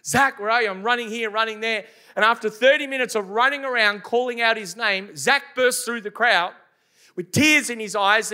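Preaching a sermon at church, this middle-aged pastor has a bright, forceful voice pitched very high for a man. Repetition and rhetorical questions aimed at the congregation are how he drives each point home.

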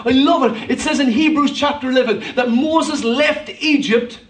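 Male pastor with a very high voice, emphatic and humorous, miked from a distance in a church. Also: moderate pace, few pauses, fairly bright tone. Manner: emphatic preaching with rhetorical questions and humor. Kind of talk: sermon. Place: church hall. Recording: echoey hall, voice from a distance.

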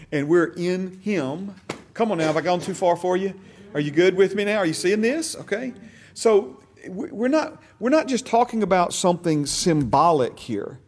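Man, Bible class teacher, somewhat high voice, conversational, repeats key phrases, checks on his listeners. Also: a little mellow.

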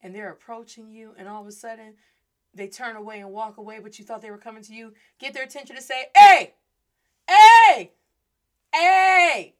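A woman Spanish teacher hosts a lively, playful lesson, switching between English and Spanish with rhythm and humor. Her voice is on the high side and a bit bright, with fairly even intonation and a fast pace.

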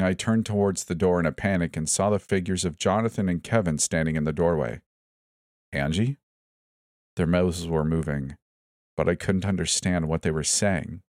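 Brief: male horror narrator, very low voice, dry close sound, tense first-person telling. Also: darkish tone, no echo. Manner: tense first-person storytelling, voicing each character in turn. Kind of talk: scripted horror story narration.

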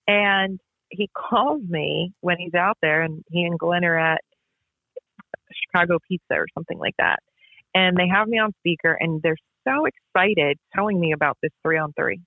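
A woman's voice: on the low side, lively intonation, normal speed, creaky, no room sound. A woman, a basketball referee, tells stories in a casual interview, emphatic and repetitive. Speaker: basketball referee and podcast guest. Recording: tinny phone-line sound.

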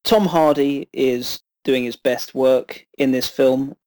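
A man co-hosting a film podcast, reviewing in a measured, hesitant way with frequent ums. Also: medium pitch, fairly even intonation, a little mellow, rough recording.

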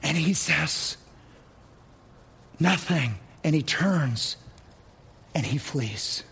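A man preaching a sermon as pastor, telling a story dramatically and dropping to low, quiet tones for effect. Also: lively intonation, slow, vocal fry, slightly rough.

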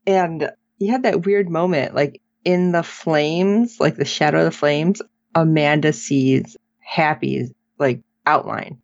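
She speaks slowly in a low voice with vocal fry, co-hosting a casual podcast where she recaps a TV episode. Quotes get acted out, laughter comes often, and the retelling stays animated. The dry recording has a dull, lo-fi quality.

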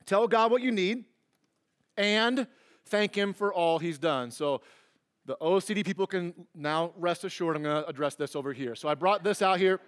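A middle-aged man preaching a sermon as pastor, earnest and conversational, dropping to a hushed, tender near-whisper in his quieter passages. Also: sits high, moderate pace.

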